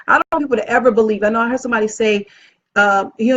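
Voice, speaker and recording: Excitable woman on a muffled live stream. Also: on the high side, fast talker. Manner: upbeat, excitable, chatty. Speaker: event planner hosting a live video. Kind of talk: casual live-stream talk. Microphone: phone or webcam live stream. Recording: dull lo-fi live-stream audio.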